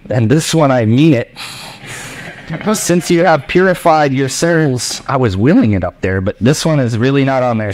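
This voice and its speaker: Man, pastor, lively sermon, jokey asides, acts out his listeners, church. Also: medium pitch. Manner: animated, jokey, acts out voices of the congregation.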